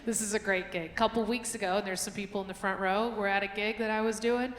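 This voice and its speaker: A woman's voice: mid-range voice, steady tone, fast, slight background noise. Woman, late 30s, stand-up comedian, self-mocking, live theater stage, roomy reverb. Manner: chatty, self-mocking, punchy asides. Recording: echoey theater hall, faint crowd. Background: audience ambience.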